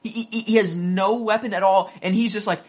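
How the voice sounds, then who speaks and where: A man's voice: sits high, fairly even intonation, a little fast. A man co-hosting a podcast, chatting casually and rambling about a TV episode, full of "like" and restarts, swearing freely. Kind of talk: casual chat recapping a TV episode.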